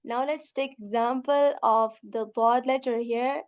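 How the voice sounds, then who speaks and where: High-pitched lady teacher going over letter sounds slowly, repeating each one, calls students sister, kinda muffled lo-fi audio. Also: fairly even intonation. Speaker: Quran Arabic teacher. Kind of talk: beginner pronunciation lesson.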